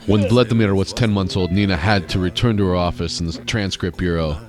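A man's voice: deep voice, steady tone, brisk, music in the background. A man hosting a comedy podcast, reading a mock-serious documentary script in a playful, absurd way. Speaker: podcast host. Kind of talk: comedic read-aloud narration.

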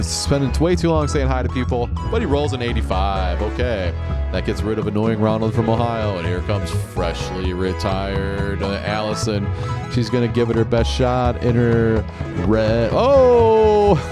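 A male podcast host giving joking, sarcastic play-by-play of a TV game show and chuckling often. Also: fairly low pitch.

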